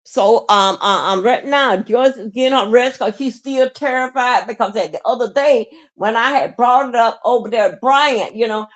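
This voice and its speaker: A woman hosting a livestream, rambling in a halting, repetitive way with many fillers and plenty of emotion. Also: a little high. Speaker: livestream host. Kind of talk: rambling live-stream monologue.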